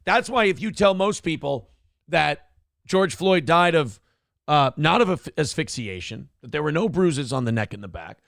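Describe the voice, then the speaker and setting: A man's voice: a little high, lively intonation, normal speed, gravelly, fairly bright tone, dry recording, studio quality. A man hosting a livestream talk show. He reads viewer comments aloud and rants with plenty of profanity. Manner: ranting and profane. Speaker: live show host.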